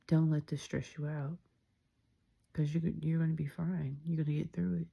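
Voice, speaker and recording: A young woman talking candidly in a reflective personal vlog, soft-spoken and sometimes dropping into a whisper. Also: low voice, little pitch movement, normal speed, gravelly, husky. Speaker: vlogger.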